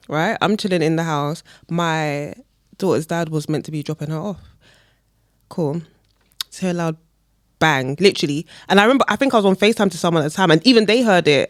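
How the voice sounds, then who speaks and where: Animated young woman, dry mic. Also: deep voice, no room sound. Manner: animated storytelling, quick laughs. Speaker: podcast co-host. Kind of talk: casual chat.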